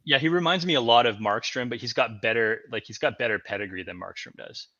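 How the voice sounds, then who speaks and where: A man's voice: mid-range voice, fast, bright, forceful tone, no echo, dull audio. A man co-hosting a podcast, breaking down hockey prospects analytically, often hedging with "I think.". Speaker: podcast co-host. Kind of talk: casual hockey draft analysis.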